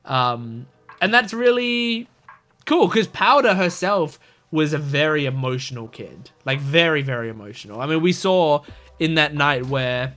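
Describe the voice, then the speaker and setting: A man with a fairly high voice thinks aloud through a casual reaction commentary, full of "um"s, "like"s and restarts. Soft music plays faintly behind him. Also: lively intonation, a little slow. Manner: rambling, filler-heavy, thinking aloud. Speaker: reaction video host.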